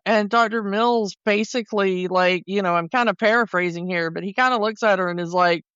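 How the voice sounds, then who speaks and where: Woman, podcast co-host, smooth and clear, dry close sound, slightly dull audio, chatty storyteller. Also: mid-range voice, a little slow, hardly any pauses, fairly bright tone, dry recording. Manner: chatty, recounts scenes by acting out lines. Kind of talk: casual chat.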